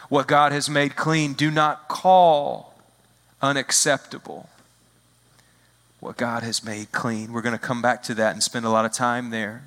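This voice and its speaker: A man preaching a sermon as a visiting pastor, expressive, acting out quoted lines and slowing down to stress key phrases. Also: mid-range voice, in a large hall.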